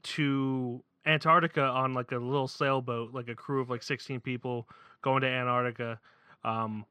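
Excitable man with a bright voice. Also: medium pitch, moderate pace, smooth, no room sound. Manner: animated, excitable, swears freely. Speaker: podcast co-host. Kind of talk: casual chat.

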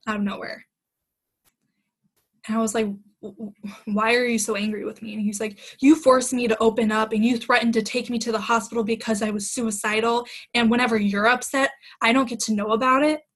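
A woman's voice: a little high, moderate pace, low-quality recording. Young woman telling a story animatedly. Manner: animated retelling with quoted dialogue, laughs often. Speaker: podcast guest. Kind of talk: casual storytelling chat.

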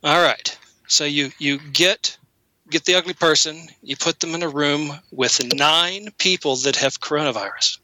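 Guy on a podcast call, high bright voice, rambly and jokey. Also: measured pace, no room sound, low-quality recording. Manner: rambling, acts out silly ghost voices. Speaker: podcast co-host. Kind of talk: casual comedic chat.

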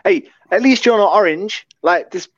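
A man's voice: sits high, normal speed, no echo. A man co-hosting a podcast over a phone video call, laid-back and self-mocking, swearing now and then. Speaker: podcast co-host. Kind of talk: casual chat. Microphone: phone camera on a video call. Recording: dull, dry video call audio.

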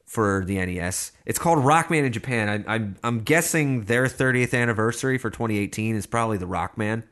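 A man's voice: on the low side, brisk, a bit bright. A man co-hosting a podcast in casual chat, rambling and searching for his words, swearing now and then. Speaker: podcast co-host.

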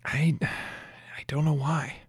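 A man voicing a young woman witch in an audiobook, speaking softly and hesitantly with stammers. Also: fairly high pitch, animated, moderate pace, creaky, breathy edge, dry recording, heavily acted. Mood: unsettled.

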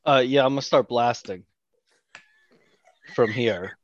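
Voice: medium pitch, a little slow, dull audio. A player in a tabletop role-playing game, joking and hesitant, often restarting sentences. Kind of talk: casual tabletop game play.

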